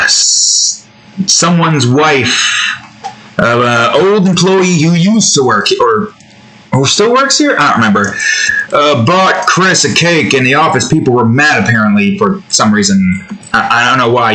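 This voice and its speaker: A man chatting casually to his viewers while drawing, rambling from joke to joke. He curses freely and leans on fillers. His voice is bright and forward, sitting in an average pitch range. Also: animated, measured pace, low-quality recording. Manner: jokey, rambling, profane, many fillers. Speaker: channel host.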